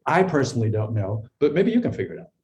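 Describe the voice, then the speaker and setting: A man's voice: mid-range voice, very animated, rapid-fire, a little mellow, natural voice. A man voicing his mother, a humble and wondering woman who gives her son plain, candid advice.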